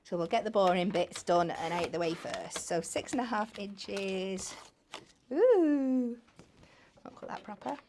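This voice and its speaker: A woman's voice: medium pitch, normal speed, hardly any pauses, slight background noise. A woman demonstrating a card-making craft step by step in a chatty way. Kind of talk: hands-on crafting demo. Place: TV craft studio.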